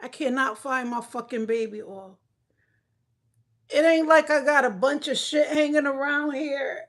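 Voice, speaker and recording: A woman at home livestreaming and chatting casually with her viewers, loud and joking, cursing and talking back to the chat. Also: high voice, unhurried.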